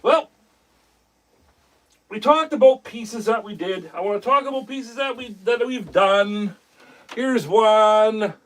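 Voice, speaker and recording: Male stream host with a high voice, loose and rambling, chatting with viewers between carving projects. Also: slow, long pauses, a bit bright. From Canada. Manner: rambling, friendly, greets chat viewers by name. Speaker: woodcarving live-stream host. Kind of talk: casual live-stream chat.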